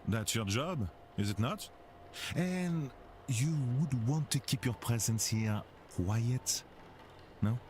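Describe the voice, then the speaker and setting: A man's voice: medium pitch, animated, slow pace, long pauses, darkish tone. An actor playing a scheming, self-assured male French investigator in a video game, speaking formally in a French accent and slipping in French phrases. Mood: coercive. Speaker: game character. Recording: game audio with noisy ambience.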